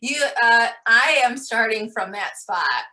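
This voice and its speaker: Bright, chatty woman interviewer. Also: fairly high pitch, expressive, takes it slowly. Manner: chatty, giggly, many restarts. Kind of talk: casual interview.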